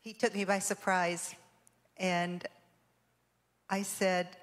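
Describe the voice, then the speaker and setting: An older woman, the preacher's wife, telling her side of a story in an animated way, with quick bursts of chatter. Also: lowish voice, big-room sound. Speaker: preacher's wife, guest on stage. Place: church sanctuary, live service.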